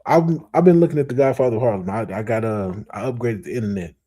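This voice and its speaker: A man hosting commentary in a mellow, warm voice. He talks slangy and animated, straight to the audience. His voice sits at an ordinary pitch for a man. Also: quick pace. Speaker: host. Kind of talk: reaction commentary.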